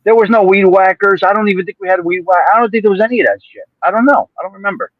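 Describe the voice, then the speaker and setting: A man's voice: high-pitched, animated, rapid-fire, no room sound, narrow, tinny audio. A man co-hosting a livestream podcast in casual chat, swearing freely and repeating phrases for emphasis. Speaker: livestream co-host.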